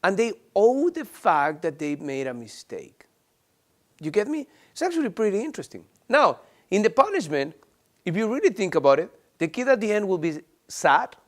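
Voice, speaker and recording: A man's voice: high voice, big pitch swings, normal speed. A man teaching a parenting class, explaining ideas and acting out little dialogues between a parent and a child. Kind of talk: explanatory talk to camera.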